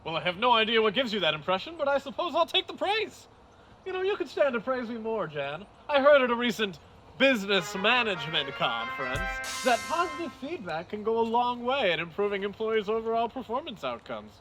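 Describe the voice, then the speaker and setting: A man's voice: high-pitched, very animated, a little fast. A man acting a pompous, petty corporate boss in a comedic audio drama. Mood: condescending. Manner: pompous, ranting, theatrical. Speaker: company boss. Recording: music playing under the voice.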